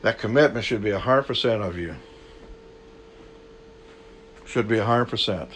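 A man preaching a sermon, swinging between loud, raised bursts and low, quiet asides. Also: fast, a little hiss or hum.

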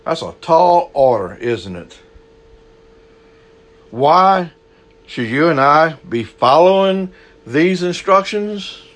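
A man preaching a sermon, swinging between loud, raised bursts and low, quiet asides.

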